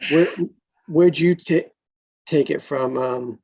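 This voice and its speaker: A man hosting a casual online script-reading session and prompting the others in a relaxed way, heard over a video call. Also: on the high side, slow, muffled recording. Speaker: host. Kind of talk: casual group chat.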